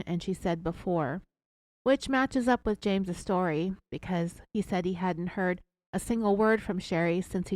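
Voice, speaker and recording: A woman hosting a podcast, retelling a true crime case in a measured way with her own asides. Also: on the low side, no room sound. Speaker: podcast host.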